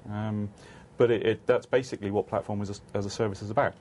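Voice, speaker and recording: A man's voice: fairly low pitch, fairly even intonation, fast, darkish tone. A man speaking as an analyst on a panel, hesitant with frequent restarts. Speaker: analyst guest. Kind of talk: panel discussion.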